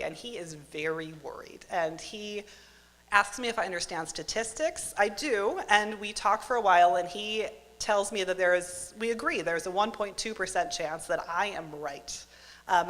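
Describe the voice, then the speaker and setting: A woman's voice: mid-range voice, pushed and bright. A woman in her thirties telling a wry, self-mocking true story on stage at a live storytelling event. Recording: live hall with long reverb.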